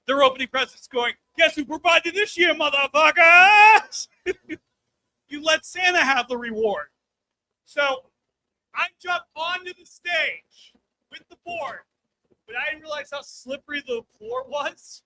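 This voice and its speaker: Bright, high-voiced brash male comic. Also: animated, unhurried, low-quality recording. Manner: brash, crude punchlines, keeps checking in with "all right?". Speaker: stand-up comedian. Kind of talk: stand-up comedy set. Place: live comedy show stage.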